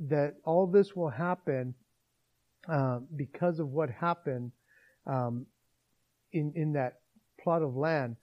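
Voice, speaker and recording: A man preaching a sermon, retelling a Bible story as a lively storyteller. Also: fairly high pitch, highs cut off. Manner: animated storyteller acting out scenes.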